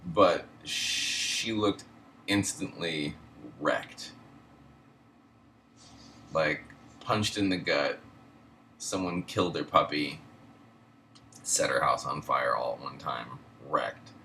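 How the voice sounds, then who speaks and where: A man's voice: very deep voice, slow pace, long pauses, sharp tone, slight background noise. A man hosting a show, telling a personal story casually, stammering and swearing as he goes. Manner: stammering, swearing, laughing between lines. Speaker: host.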